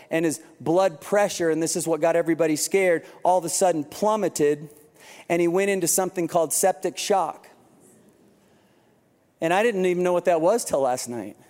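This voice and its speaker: A man with a high-pitched voice gives a sermon in a conversational, storytelling way. He sounds congested, and the long reverb of a large hall trails after each phrase. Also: a little mellow. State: congested from crying. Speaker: pastor.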